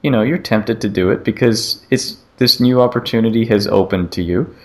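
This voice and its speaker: A man with a lowish voice talks through a video game demo in a loose, rambling way. He keeps circling back and trying out the lines the characters say. The talk is a relaxed podcast chat between friends. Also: moderate pace. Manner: rambling, animated retelling with acted-out quotes. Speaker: podcast co-host. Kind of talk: casual gaming chat.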